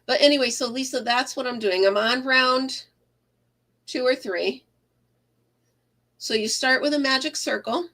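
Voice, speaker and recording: Slow, chatty woman crocheting live. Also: high-pitched, a bit bright. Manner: rambling, chatty, greets viewers by name, laughs often. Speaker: crochet livestream host. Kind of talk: casual livestream chat while crocheting. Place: craft room at home.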